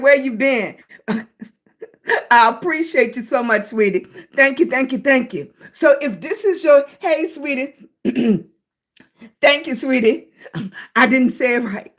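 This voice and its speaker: High-voiced affectionate woman streaming. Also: a bit bright. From Virginia, US. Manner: affectionate, greets viewers as baby and sweetie. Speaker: live streamer. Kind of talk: casual livestream chat to viewers.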